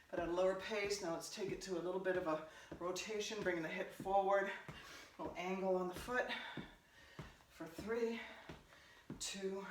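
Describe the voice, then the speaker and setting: A woman fitness instructor leading a home workout, giving upbeat cues and counting down reps, out of breath at times. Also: fairly low pitch. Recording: roomy, distant, noisy home recording.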